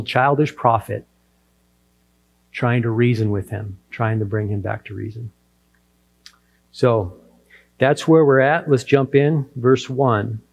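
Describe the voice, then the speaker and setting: Man, pastor, sermon, storytelling delivery, acts out quotes, mid pitch. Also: a little mellow. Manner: storytelling preacher who acts out the characters' quotes.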